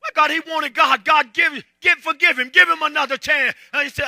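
A pastor with a Southern American accent preaching a sermon in church, calling on the congregation to answer and breaking into shouts and half-sung lines. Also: male voice, very high-pitched, steady tone, fairly quick, creaky, few pauses, dry recording. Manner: preaching with call-and-response, shouting and half-singing. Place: church sanctuary.

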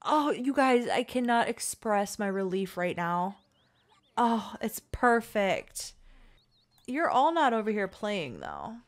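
A woman casually commentating her own gameplay, chatty and excitable, pleading with the dice and cooing at the characters. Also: medium pitch, slow. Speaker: gaming channel host. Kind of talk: casual let's-play commentary.

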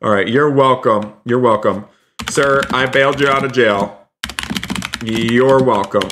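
Excitable man narrating a game stream. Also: mid-range voice, measured pace, background noise. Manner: excitable, narrates every move to viewers; repeats phrases, keeps saying "you guys". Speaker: streamer playing a roleplay game. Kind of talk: live game stream commentary.

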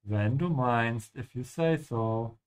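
Guy running a live german lesson stream, mid-pitched, careful about pronunciation. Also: clean tone. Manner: explains pronunciation slowly and carefully; switches between English and German. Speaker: language teacher and stream host.

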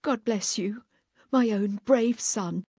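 Woman voicing a soft-spoken old grandmother. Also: fairly high pitch, very animated, normal speed, slightly rough, no echo, clean studio sound, heavily acted. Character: frail pious old grandmother, fretful and tender.

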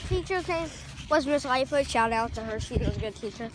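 A woman's voice: sits high, animated, fairly quick. A woman chatting casually outdoors with a friend, laid-back and teasing. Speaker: friend of the vlogger. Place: outdoors on a street. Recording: noisy outdoor street sound, traffic. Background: traffic and street noise.

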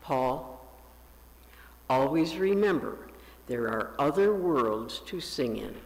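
A male pastor telling a story during a sermon, raising his pitch when he quotes the characters. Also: lively intonation, in a large hall. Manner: slow, lifts his pitch for quoted voices. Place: church sanctuary.

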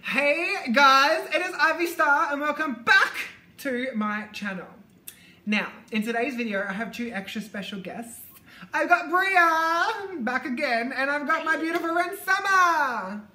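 A young woman hosts a chatty vlog with friends, laughing often and swearing casually. Her voice is bright and sits a little high. The room around her sounds echoey. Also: lively intonation, measured pace. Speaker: YouTube vlogger host.

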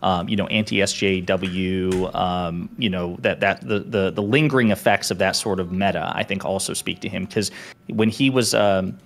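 A man's voice: low-pitched, steady tone, normal speed, gravelly. A man talking as a commentator guest in casual debate chat. He is emphatic and builds his case point by point.

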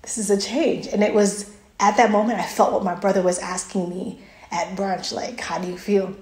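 A woman's voice: mid-range voice, a little mellow. A woman vlogger chatting earnestly, telling a personal story in a casual, faith-filled way. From United States. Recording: roomy echo.

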